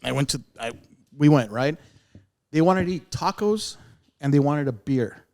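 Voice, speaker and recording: A man's voice: a little high, moderate pace. A man telling a long story in casual podcast chat, acting out the voices of the people in it. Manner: animated, acts out other people's lines in the story. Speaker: podcast guest, radio veteran.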